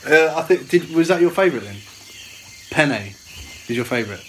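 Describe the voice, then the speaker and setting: A man's voice: a little high, lively intonation, moderate pace, a bit bright, a little hiss or hum, rough recording. A man co-hosting a podcast in casual chat, teasing his co-host and laughing often. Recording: faint jungle ambience of crickets and insects.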